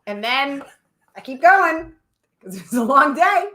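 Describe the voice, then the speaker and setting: Bubbly high-pitched young woman. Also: measured pace. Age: young adult. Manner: animated storyteller, shrieks and laughs often. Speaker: co-host. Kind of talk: casual chat.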